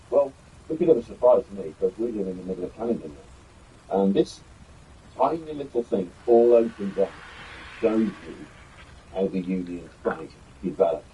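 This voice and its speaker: An older man talks through a history prop in a relaxed, rambling way. His voice is deep and dark, moving widely up and down in pitch. A faint hum of background noise sits under him. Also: dull audio. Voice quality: chatty, rambling with fillers. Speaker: YouTube history host. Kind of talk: casual show-and-tell presentation.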